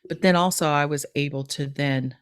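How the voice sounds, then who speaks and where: Middle-aged woman, very low voice, calm, gentle, podcast host explaining, dry close sound. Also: normal speed, clear, resonant tone, no room sound. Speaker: podcast host teaching a technique. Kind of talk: casual instructional chat.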